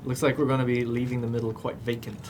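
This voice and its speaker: A man's voice: mid-range voice, little pitch movement, quick pace, background noise. An Irish man co-hosting a game livestream as a developer, joking and talking through the gameplay in casual banter. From Ireland. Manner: joking, easygoing, narrates gameplay.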